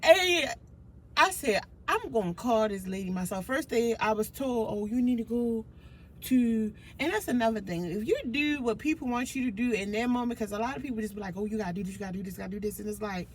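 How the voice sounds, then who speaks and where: A woman's voice: fairly high pitch, brisk, slight background noise. A woman guest on a casual podcast, emphatic and profane as she retells conversations.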